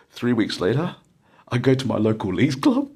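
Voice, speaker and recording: A man's voice: medium pitch, wildly swooping pitch, moderate pace, darkish tone, breathy edge. An Australian man telling a casual, rambling anecdote full of fillers and bursts of laughter. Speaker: storyteller.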